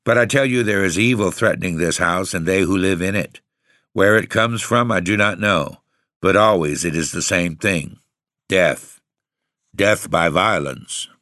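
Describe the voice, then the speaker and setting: A man voicing an old woman caretaker with second sight, speaking quietly and solemnly. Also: sits low, a little slow, no echo, clean studio sound. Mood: grave. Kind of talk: audiobook reading.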